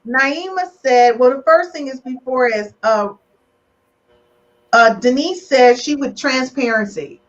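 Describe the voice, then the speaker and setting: Woman hosting a couples podcast, teasing guests, kinda high voice. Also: unhurried, highs cut off. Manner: playful, teasing, emotional. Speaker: podcast host. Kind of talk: live relationship podcast chat.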